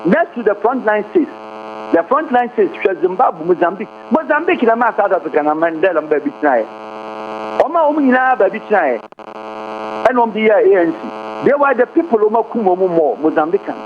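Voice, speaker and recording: A man's voice: high voice, sing-song, a little fast. A Ghanaian man speaking as a guest commentator, impassioned and firing off rhetorical questions. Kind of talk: heated interview talk. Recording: tinny phone-like line, faint hum.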